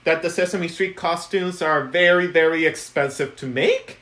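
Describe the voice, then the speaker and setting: Chatty man with a slightly high voice. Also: normal speed, a bit bright. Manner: chatty, giggly, lots of ums and restarts. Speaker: puppet maker live streamer. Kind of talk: casual live stream chat. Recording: echoey room.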